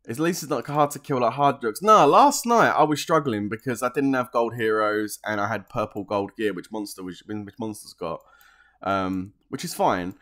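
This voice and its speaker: A man's voice: mid-range voice, moderate pace, a bit bright. A man with an English accent from southeast England, chatting casually on a game live stream, rambling, reading out comments and laughing often.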